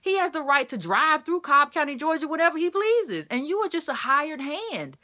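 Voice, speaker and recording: A woman's voice: high-pitched, sing-song, moderate pace, pushed and bright. A woman giving impassioned opinion commentary, repeating phrases for emphasis.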